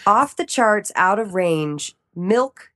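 A woman appears as a guest on a podcast, chatting casually in an interview. She's animated and laughs a lot while acting out her own reactions, speaking at a medium pitch and a slow pace.

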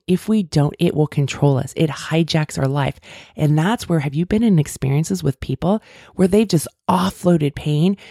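A woman's voice: low-pitched, creaky, dark tone, dry recording, clean studio sound. A middle-aged woman hosting a podcast, talking earnestly and at length in a coaching tone about feelings. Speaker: podcast host. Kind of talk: casual self-help talk.

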